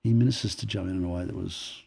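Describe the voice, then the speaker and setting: Man, very raspy voice, mellow tone, lively storyteller, acts out dialogue. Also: low voice, quick pace. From Australia. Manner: animated storyteller who acts out quoted dialogue. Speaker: podcast guest. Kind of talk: personal storytelling in conversation.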